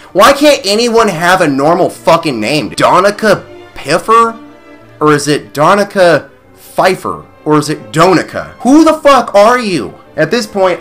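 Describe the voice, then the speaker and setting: A man's voice: medium pitch, fairly bright tone. A man hosting his own vlog, ranting crudely and sarcastically, swearing constantly. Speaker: vlog host. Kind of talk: profane rant commentary.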